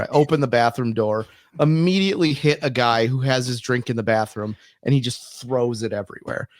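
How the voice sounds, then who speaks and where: A man's voice: medium pitch, normal speed, no room sound, clean studio sound. A man in his early thirties, a comedian co-hosting a podcast, telling rambling self-deprecating stories and swearing freely. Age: early 30s. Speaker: podcast co-host and stand-up comedian. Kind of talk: casual podcast chat.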